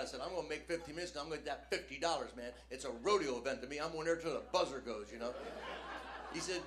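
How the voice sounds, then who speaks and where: An older New Jersey man with a highish voice and fast delivery tells stand-up stories on a comedy club stage into a handheld mic. He talks casually, full of "man" and "you know," sometimes acting out announcers and crowds. The live club recording is reverberant, with background noise and faint crowd ambience.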